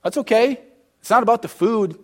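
A man's voice: extremely high pitch, fairly quick. A man teaching a church group in a casual, interactive sermon, quizzing his listeners and growing emphatic and emotional. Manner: conversational and emphatic, quizzing the audience; gets heated and emotional.

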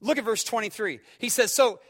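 A pastor preaching a sermon in a high, bright voice. He tells stories with energy, dropping to a hush and then rising to loud, sharp outbursts. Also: moderate pace. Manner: animated storyteller, swings between hushed and shouting.

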